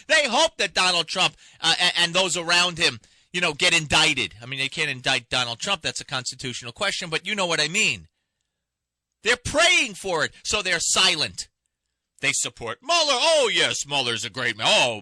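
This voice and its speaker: A man's voice: high-pitched, sharp tone, no room sound. A man hosting a talk radio show, delivering an impassioned, indignant monologue full of rhetorical questions from a radio studio. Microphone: studio microphone.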